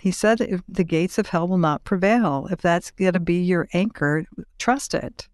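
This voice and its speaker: A woman's voice: lowish voice, normal speed, darkish tone, no echo, studio quality. A woman hosting a podcast, responding to her guest in a thoughtful, affirming way during a conversational interview. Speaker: podcast host.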